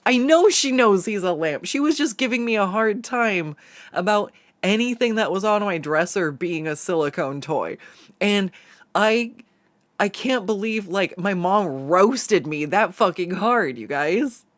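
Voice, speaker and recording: A young woman chats to her stream in a loose, storytelling way, laughing between lines and swearing without a second thought. Her voice sits in a middle pitch, and the sound is dry and close with no room around it. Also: lively intonation, a little slow, dry recording. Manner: chatty storytelling, laughs often, swears freely. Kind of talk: casual chat.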